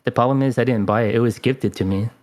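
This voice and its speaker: A man co-hosting a gaming podcast, telling a story in a laid-back, halting, casual way. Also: mid-range voice, darkish tone, no room sound. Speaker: podcast co-host. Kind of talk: casual chat.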